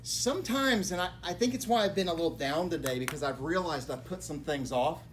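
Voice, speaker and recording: Speaking to realtors in a real estate office meeting room, this man, a mortgage lender, shares a personal story for motivation and delivers it dramatically, going hushed and low before erupting loudly. His intonation is lively, his pace a little fast, and background noise can be heard.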